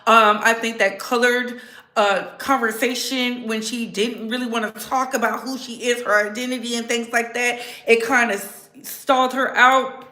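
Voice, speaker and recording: Female commentary streamer, emphatic and repetitive, bright edgy tone. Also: fairly high pitch, normal speed, reverberant. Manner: animated, repeats phrases for emphasis. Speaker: commentary vlogger, channel host.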